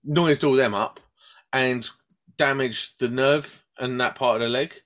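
A man's voice: mid-range voice, unhurried. Chatty British man telling a story. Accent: British English. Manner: rambling and animated, acts out voices in his stories. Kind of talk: casual chat, storytelling.

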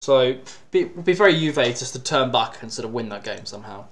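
Lively man hosting a podcast. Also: mid-range voice, brisk. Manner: lively, joking, swears casually. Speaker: podcast co-host. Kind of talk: casual football podcast chat.

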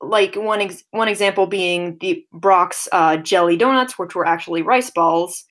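A woman's voice: on the low side, normal speed, a bit bright. A woman co-hosting a podcast in casual chat, hesitant, with many fillers and easy laughter. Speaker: podcast co-host.

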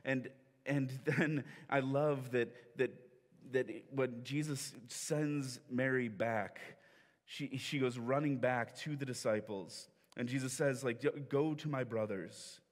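With a medium-pitched voice and a slow pace, a male pastor delivers a sermon in a church sanctuary with a big-room sound, recounting the story in a conversational way and performing the quoted lines.

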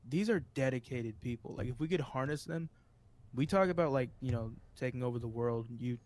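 A man co-hosting a podcast in casual chat, telling stories in an animated, joking and provocative way. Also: medium pitch, brisk. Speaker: podcast co-host.

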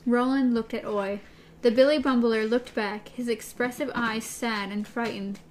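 A woman's voice: on the high side, fairly even intonation, moderate pace. A woman co-hosting a podcast, reading a novel aloud and discussing it playfully. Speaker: podcast co-host.

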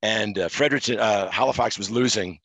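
A middle-aged man from Quebec, a former referee, telling stories in a relaxed interview with many fillers. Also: on the low side, brisk, slightly rough, no echo, low-quality recording. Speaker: podcast guest, former hockey referee. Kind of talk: casual interview storytelling.

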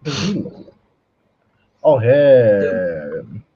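A man's voice: lowish voice, sing-song, extremely slow, dull audio. A man co-hosting a casual podcast chat, joking and teasing. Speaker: podcast co-host.

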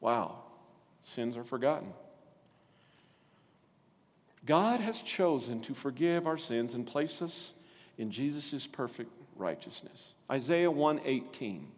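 A man's voice: mid-range voice, measured pace. Preaching man in a reverberant hall. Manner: animated, asks the congregation questions. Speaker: pastor. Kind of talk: sermon.

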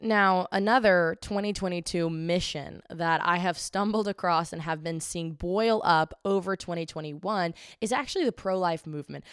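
Young woman host, earnest and emphatic, smooth lowish voice, dry close sound. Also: fairly bright tone, no echo. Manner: earnest, emphatic, repeats phrases for stress. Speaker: podcast host. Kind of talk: opinionated monologue, then interview.

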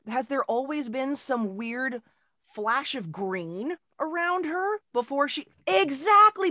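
A young adult woman co-hosting a casual movie podcast, telling stories in an animated, profane, exasperated way. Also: on the high side, no room sound, studio quality. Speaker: podcast co-host.

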